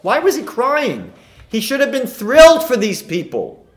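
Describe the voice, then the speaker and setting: A man's voice: very high-pitched, huge pitch swings, unhurried. A man, a rabbi giving a lecture, retelling Talmud stories and asking emphatic rhetorical questions. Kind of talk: recorded lecture.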